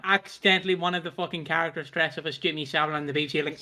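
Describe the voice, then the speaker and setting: A man's voice: on the high side, fairly even intonation, very fast, few pauses, bright, forceful tone. A man hosting a podcast, chatting in a rambling, sweary, giggly way. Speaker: podcast host. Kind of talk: casual chat recapping a soap.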